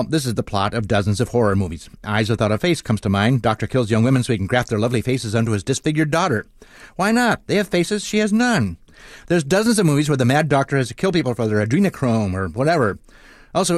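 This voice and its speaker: Man, radio comic essayist, quick sardonic read, swooping pitch, dry studio sound. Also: dry recording. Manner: wry, sardonic delivery. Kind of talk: scripted comic monologue.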